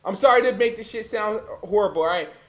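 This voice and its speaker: A man's voice: high voice, brisk. A man co-hosting a casual podcast, ranting with heavy profanity and getting worked up. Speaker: co-host. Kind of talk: heated casual podcast chat.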